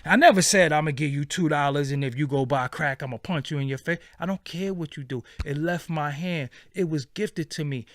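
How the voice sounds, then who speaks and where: A man's voice: fairly high pitch, fairly quick, hardly any pauses, no room sound, studio quality. A middle-aged man in an impassioned, profane rant to his viewers, repeating phrases for stress. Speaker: vlogger.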